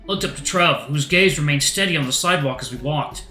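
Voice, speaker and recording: A young man hosting a gaming channel, reading a visual novel aloud with animated asides. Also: a little high, brisk, echoey room, soft background music.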